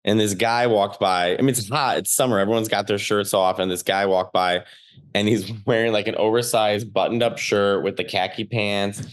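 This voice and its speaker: Animated Chicago-accented man, lowish voice. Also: moderate pace. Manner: animated storyteller, many "like" fillers. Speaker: comedian guest. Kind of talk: casual podcast chat.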